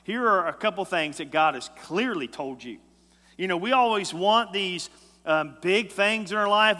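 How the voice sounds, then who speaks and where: A male pastor delivers a sermon with emphatic force, dropping to a hush and rising again. His voice is bright and sits a little high. The sound trails off into a long hall reverb. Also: lively intonation, normal speed. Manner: emphatic preacher, swings from loud to hushed. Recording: echoey hall.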